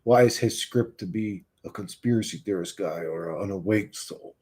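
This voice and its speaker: A man's voice: fairly low pitch, moderate pace, a little mellow. A man hosting a live stream, talking straight to his viewers in a heated, profane rant. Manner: swearing, heated, mocking; chats to viewers in the stream chat. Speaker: livestream host.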